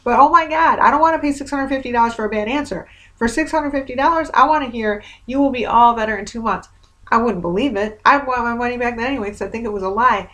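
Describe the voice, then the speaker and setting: A woman's voice: a little high, quick pace, fairly bright tone. Exasperated woman venting in a video diary. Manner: exasperated, rambling, wry. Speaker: vlogger.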